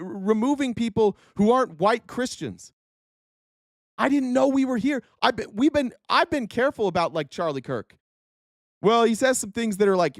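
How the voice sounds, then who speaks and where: This American show host, in his thirties, rants about politics on a live-stream, angry, repetitive and full of profanity. His voice sits high, and the recording is studio quality without room sound.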